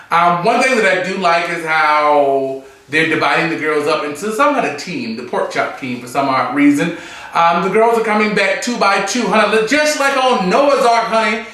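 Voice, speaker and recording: A man's voice: high-pitched, very echoey, recorded from a distance. A man reviewing a drag competition episode in a campy, sassy, chatty way, seated on a stool in a room. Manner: campy, sassy, animated, full of asides and mimicry. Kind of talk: casual review chat.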